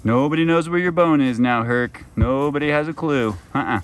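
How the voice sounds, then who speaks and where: A man's voice: medium pitch, normal speed. A man on a goat farm talking casually and playfully, chatting fondly to his goats outdoors in the pen. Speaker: goat farmer and vlogger. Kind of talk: casual chat with the animals.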